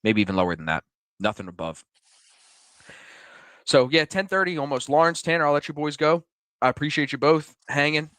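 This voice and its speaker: A man's voice: fairly high pitch, lively intonation, a little fast, pauses often, fairly bright tone, no room sound. A man hosting a live day-trading stream, talking casually and joking, swearing freely as he reads the market.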